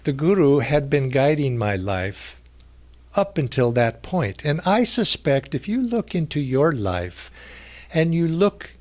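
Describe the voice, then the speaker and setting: A mild, gentle man telling a personal spiritual story at a retreat, in a halting way with many restarts and fillers. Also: a little high, sing-song. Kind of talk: reflective storytelling talk.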